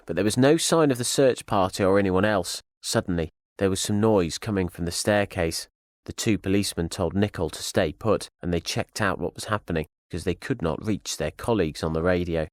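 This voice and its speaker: A man reading a thriller audio drama as narrator, in a steady storytelling manner. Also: sits low, no echo, clean studio sound.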